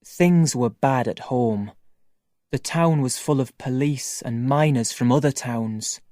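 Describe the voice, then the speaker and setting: A reader narrating a first-person graded-reader story for language learners, reading slowly and clearly. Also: mid-range voice, a little mellow, no echo, studio quality. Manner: slow, clear, carefully paced reading. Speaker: audiobook reader.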